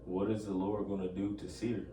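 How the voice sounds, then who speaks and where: Deep, flat-voiced man reading scripture solemnly. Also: normal speed, noisy background. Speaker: scripture teacher. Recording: echoey room, distant mic, music behind.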